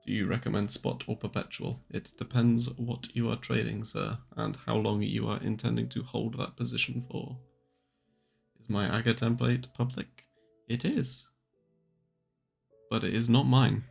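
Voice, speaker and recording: A man's voice: mid-range voice, little pitch movement, a little slow, vocal fry, slightly rough. A young man hosting a trading livestream. He chats casually, swears, and jokes while answering viewers' questions. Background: faint music.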